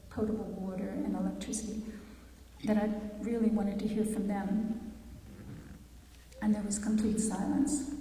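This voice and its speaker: Woman giving a talk in a big chapel, earnest and measured, mellow voice, lots of echo, mic far away. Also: medium pitch, a little hiss or hum. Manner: earnest, measured, with pauses and restarts. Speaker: speaker at a public talk. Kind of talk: reflective public talk reading quotes. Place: large chapel.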